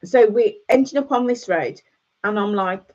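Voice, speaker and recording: A woman's voice: mid-range voice, measured pace, darkish tone. A middle-aged woman hosting a casual motivational chat with her viewers, encouraging them and repeating phrases for emphasis. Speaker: host. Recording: dull lo-fi sound.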